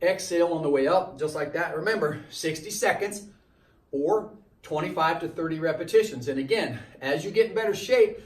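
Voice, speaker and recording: A man's voice: on the high side, normal speed. A man coaching a circuit workout while doing the exercises, a little winded, giving repeated cues on form and timing. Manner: coaching, repetitive cues, demonstrating as he talks. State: slightly winded. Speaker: fitness trainer. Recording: echoey room from a distance.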